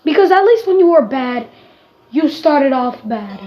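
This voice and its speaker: A woman with a high voice reviewing a TV episode in a casual, ranting way. She sounds exasperated and emphatic and swears casually. The recording is dull and lo-fi. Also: very animated, a little slow.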